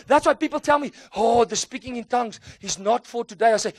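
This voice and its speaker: A man with a South African accent, a native Afrikaans speaker, preaching a sermon as an animated storyteller who acts out voices and drops in Afrikaans phrases. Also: very high-pitched, quick pace, few pauses, no room sound, studio quality.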